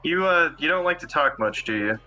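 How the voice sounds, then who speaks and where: A man's voice: on the high side, animated, fairly quick, pushed and bright, poor audio. A man playing a tabletop game, voicing his character politely and hesitantly with many ums. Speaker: player. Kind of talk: roleplaying a character in a live game.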